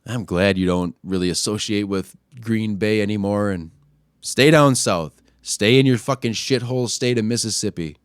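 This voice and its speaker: Profane ranting podcast host, dry sound. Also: male voice, normal speed, clean tone, no echo. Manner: profane, crude trolling rant; gets louder and higher when worked up. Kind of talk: casual solo rant.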